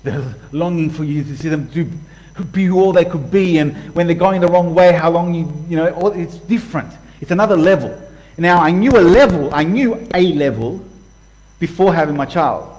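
A middle-aged man preaching a sermon in a lively, conversational way, reading scripture aloud and breaking in with his own comments. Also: fairly high pitch, normal speed, poor audio.

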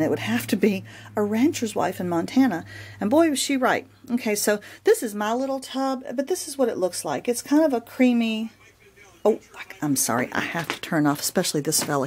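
Recorded on a camera mic, this homey show-and-tell comes from a Southern-accented craft vlogger with a mid-range, slightly mellow voice. She chats about crafts at home, often backing up to restart or fix what she said.

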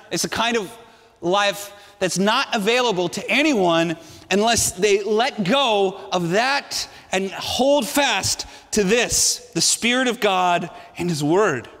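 A male pastor preaching a sermon with emphatic delivery, dropping to a hush and then rising to ringing emphasis. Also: high-pitched, in a large hall. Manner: emphatic, swinging between hushed and ringing delivery.

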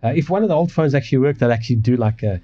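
A man's voice: mid-range voice, lively intonation, racing, mellow, lo-fi sound. A man hosting a casual livestream from his apartment, rambling and swearing with many restarts. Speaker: livestream host. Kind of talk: casual ranting chat. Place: home apartment.

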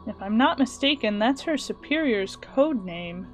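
A woman's voice: a little high, measured pace, soft background music. Woman reading a visual novel aloud. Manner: animated reactions and filler sounds. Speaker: let's play host.

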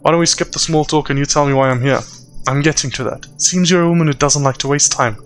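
A composed, menacing female crime boss who speaks with a put-on Russian accent, voiced by a man reading a game. Her delivery is slow and deliberate, every word a quiet threat. Soft game music plays faintly underneath. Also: a little high, steady tone, close to an everyday voice. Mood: cool menace.

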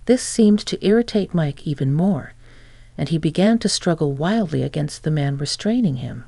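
A woman's voice: low voice, animated, moderate pace, creaky, dark tone, no room sound. A woman telling her own revenge story in a scripted first-person narration, with a sarcastic, mocking manner.

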